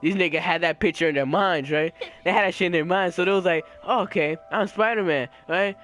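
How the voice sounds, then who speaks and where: A man's voice: high-pitched, fairly quick, faint music behind. Young man telling a rowdy story. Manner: animated, laughing, acts out quotes in shouts; slangy, profane, repeats filler "right?". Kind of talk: casual storytelling chat.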